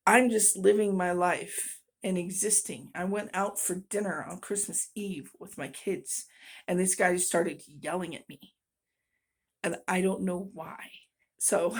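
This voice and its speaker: A middle-aged woman telling a story in a casual vlog, exasperated and venting, breaking into nervous laughs. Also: on the low side. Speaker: vlogger.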